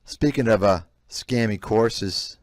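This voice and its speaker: A man's voice: fairly low pitch, takes it slowly, no echo, studio quality. A man giving blunt, scornful commentary on a live stream, reacting to clips. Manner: blunt, scornful, repetitive ranting. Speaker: host, investment analyst.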